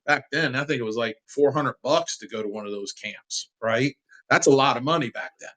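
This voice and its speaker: Animated, heartfelt man telling stories. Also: medium pitch, brisk, poor audio. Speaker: sports fan guest. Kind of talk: casual interview storytelling.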